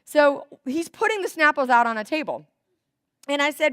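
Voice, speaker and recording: Lively young woman speaker, dry sound. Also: high-pitched, normal speed, no echo. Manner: chatty and animated, acts out quoted dialogue. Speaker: guest speaker at a church volunteer event. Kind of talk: storytelling talk to volunteers. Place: church hall.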